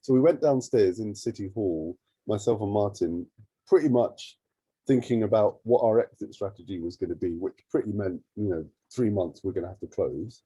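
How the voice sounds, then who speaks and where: Husky, dark-voiced man telling a story. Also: on the low side, moderate pace, no room sound, low-quality recording. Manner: lively, acts out remembered dialogue. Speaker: charity CEO. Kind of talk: animated storytelling in an interview.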